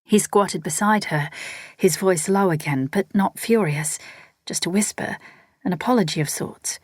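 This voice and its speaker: A woman narrating a novel in a steady storytelling read. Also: fairly low pitch, normal speed, dry recording, clean studio sound. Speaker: audiobook narrator. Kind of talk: scripted narration.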